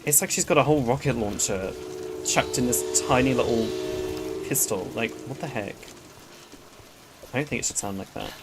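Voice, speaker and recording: A woman's voice: very deep voice, moderate pace, pauses often, rough recording. A woman streaming a game, chatting with her viewers and giggling often between comments. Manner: chatty and giggly, with frequent laughs. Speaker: gaming streamer. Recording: game music loud in the background. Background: game soundtrack music.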